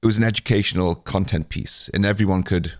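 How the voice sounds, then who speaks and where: A man's voice: low-pitched, fairly even intonation, fast talker, dry recording. A man hosting a solo podcast, chatting casually in a rambling, self-deprecating way with lots of filler sounds. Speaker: podcast host.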